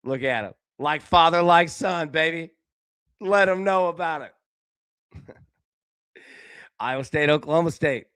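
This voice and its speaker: A man hosting a live sports betting talk show, chatting casually and addressing viewers by name, swinging between loud excited bursts and quiet low asides. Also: takes it slowly, pauses often, clean tone, no echo. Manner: talks directly to chat viewers by name. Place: indoor room with a window.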